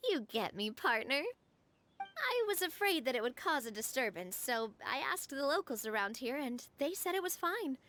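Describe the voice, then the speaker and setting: A bright, teasing young woman. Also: sits high, big pitch swings, normal speed, full character voice. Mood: cheerful. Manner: breezy and encouraging. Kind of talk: game dialogue voice acting. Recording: game cutscene with faint music.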